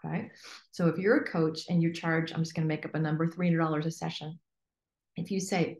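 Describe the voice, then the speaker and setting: Brisk and on the low side, the voice belongs to a woman coach being interviewed. Her delivery is emphatic and animated, with frequent acted-out inner voices, and the space sounds reverberant.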